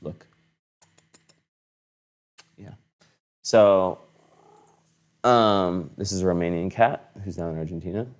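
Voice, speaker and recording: A man's voice: low voice, slow pace, pauses often. A young adult man talking casually to camera at home in a rambling vlog, with many restarts and fillers. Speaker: astrology vlogger. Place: home room, camera on a fixed setup.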